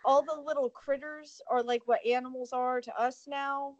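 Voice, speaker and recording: High-voiced woman on a podcast, sarcastic rambly movie recap, dry kinda dull audio. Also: steady tone, normal speed, dry recording. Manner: sarcastic, rambling plot retelling. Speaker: podcast co-host. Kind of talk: casual podcast chat.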